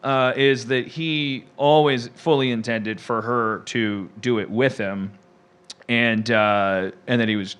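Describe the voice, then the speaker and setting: Bright-voiced rambling man host. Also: medium pitch, fairly even intonation, takes it slowly, smooth. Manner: rambling, laughing, many restarts. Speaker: podcast host. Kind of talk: casual comedic chat.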